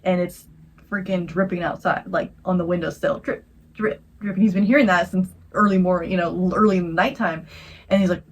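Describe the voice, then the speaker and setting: Chatty low-voiced woman telling a scary story. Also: fast, low-quality recording. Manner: rambling, animated, acts out voices in stories. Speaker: podcast co-host. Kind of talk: casual storytelling chat.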